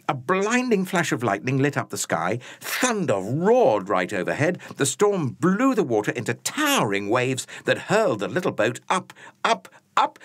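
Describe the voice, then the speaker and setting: A man narrating a children's Bible story with dramatic swoops and whispers at the quiet moments. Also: medium pitch, dry recording.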